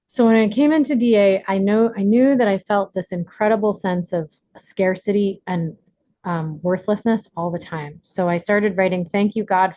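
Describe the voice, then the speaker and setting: A woman's voice: medium pitch, darkish tone, no echo. A woman leading a recovery workshop over a video call, chatty, laughing often and using lots of fillers. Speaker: workshop leader. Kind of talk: casual recovery workshop talk. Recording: slightly muffled video call audio.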